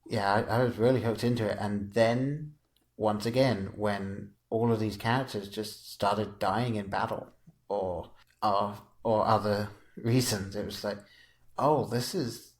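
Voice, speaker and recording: Low-voiced man chatting on a podcast. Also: a little slow. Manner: relaxed, rambling, chuckles often. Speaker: podcast co-host. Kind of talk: casual podcast chat.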